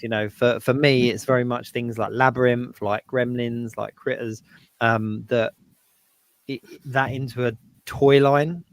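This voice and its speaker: Casual southern English host. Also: male voice, mid-range voice, dry recording. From southern England. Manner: casual, hesitant, many fillers. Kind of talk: live stream chat.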